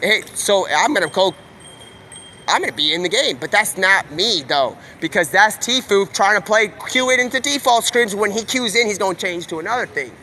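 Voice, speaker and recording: A man with a high, bright voice rambles on in casual slang, leaping from one idea to the next with excitable energy. He is outdoors, with faint street and vehicle noise behind him. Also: normal speed. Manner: excitable, slangy, jumps between topics. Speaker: live streamer. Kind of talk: rambling stream-of-consciousness monologue.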